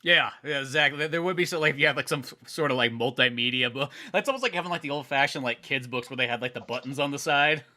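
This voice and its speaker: A man hosting a podcast, musing out loud in a casual way, leaning heavily on "like" and "kinda". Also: medium pitch. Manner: quick, musing, heavy use of "like" and "kinda". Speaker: podcast host and comic artist.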